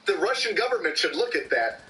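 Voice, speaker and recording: A man casually commenting on military memes, profane and excitable, getting loud when he is worked up. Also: sits high, a little fast, far from the mic, background noise. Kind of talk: casual meme commentary with sponsor read.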